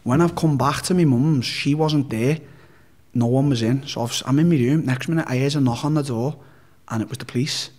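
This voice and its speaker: A man's voice: mid-range voice, a little fast, darkish tone. A young man with a Liverpool accent, a podcast guest telling his life story bluntly, swearing heavily and restarting sentences often. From Liverpool, England. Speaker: interview guest. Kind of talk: candid storytelling in a podcast interview.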